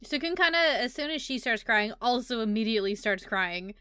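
A woman's voice: on the high side, lively intonation, fairly quick, pushed and bright, a little hiss or hum. A woman playing a tabletop game, describing her character's actions casually. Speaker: player.

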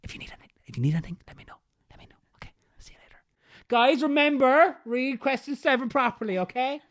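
A woman doing a loud-whispering exam invigilator. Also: extremely low pitch, fast talker, slightly rough, heavily acted. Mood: coaxing. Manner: loud stage whisper dropping hints. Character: overhelpful female exam invigilator. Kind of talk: whispered role-play.

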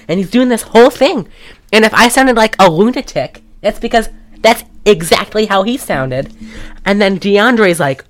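A woman co-hosting a casual comedy recap, animated and sarcastic, swearing freely. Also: medium pitch, normal speed. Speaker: podcast co-host recapping a film.

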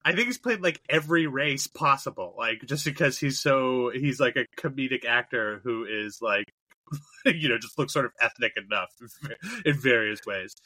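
A man's voice: medium pitch, normal speed. A man co-hosting a comedy podcast, riffing sarcastically with lots of swearing. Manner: sarcastic riffing, profane, animated mock voices. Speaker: podcast co-host. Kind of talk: casual comedic chat.

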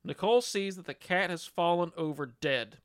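Clear-voiced man recapping a film plot. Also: sits high, moderate pace. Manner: narrates plot beats with dry asides. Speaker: podcast host recapping the film. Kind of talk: casual film recap chat.

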